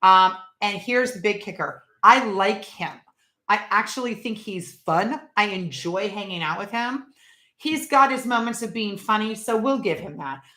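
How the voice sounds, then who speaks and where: A woman's voice: mid-range voice, measured pace, sharp tone, reverberant. A middle-aged woman hosting a casual live stream, chatting and rambling and laughing at viewers' jokes.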